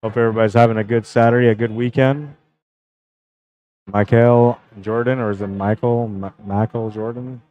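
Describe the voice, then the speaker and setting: A man's voice: mid-range voice, steady tone, moderate pace, clear, resonant tone, muffled recording. A young man casually commenting on a pool match on his live stream, chatting with viewers and greeting them by name. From Canada.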